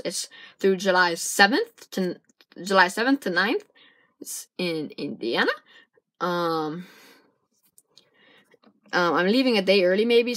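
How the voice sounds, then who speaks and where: A woman casually chatting through an unboxing, excitable and rambling as she thinks aloud, recorded on a camera's built-in mic. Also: fairly low pitch. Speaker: vlogger unboxing puzzle cubes. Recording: noisy amateur camera recording.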